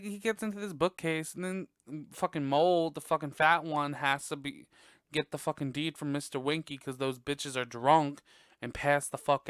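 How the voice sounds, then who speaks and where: A man hosting a podcast, chatting casually and profanely about a classic animated film, laughing often. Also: mid-range voice, clear, resonant tone, dry recording, studio quality. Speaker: podcast host. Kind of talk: casual movie review chat.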